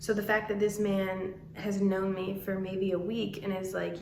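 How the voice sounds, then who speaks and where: A woman in her twenties telling a story to her vlog audience in a chatty, animated way. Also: medium pitch, moderate pace, hardly any pauses, noisy background. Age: 20s. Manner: chatty, animated, laughing through the retelling. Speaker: vlogger. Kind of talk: casual storytime. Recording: echoey room.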